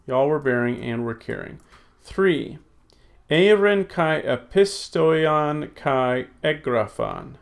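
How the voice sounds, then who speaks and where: A man's voice: on the high side, animated, slow pace, creaky. A man teaching a recorded lesson, thinking aloud as he types and correcting himself with many fillers. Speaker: Greek teacher. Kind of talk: recorded lesson, working through exercises.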